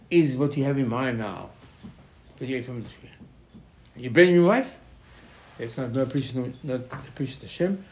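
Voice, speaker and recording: A man teaching a Torah lesson in animated, loosely worded speech, acting out bits of the dialogue. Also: medium pitch. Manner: animated, acts out dialogue, ungrammatical phrasing.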